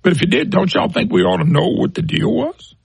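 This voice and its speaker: A man's voice: high voice, huge pitch swings, a little fast, gravelly, breathy edge, dry recording, rough recording. A man hosting a talk show, giving emphatic, folksy commentary and speaking to listeners as folks.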